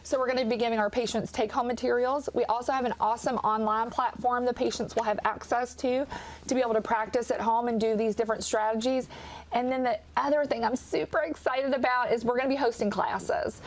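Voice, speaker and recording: A woman with a Kentucky accent speaks with a somewhat high voice. She explains hearing care eagerly in a TV interview, slipping into the voices of the patients she quotes. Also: steady tone, a little fast, slight background noise. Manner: enthusiastic, acts out patient quotes. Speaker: audiologist guest.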